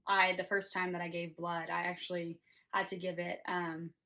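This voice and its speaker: A woman's voice: on the low side, little pitch movement, moderate pace, sharp tone. A woman nurse telling a work story in an earnest, chatty way, with many fillers and restarts. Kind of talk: casual storytelling to camera.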